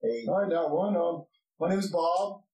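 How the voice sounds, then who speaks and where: A man's voice: on the high side, animated, a little slow, dark tone, pitched above the performer's own voice. A man voicing a friendly male dwarf gate guard who greets travellers like old pals. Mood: curious. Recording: roomy distant mic with noise.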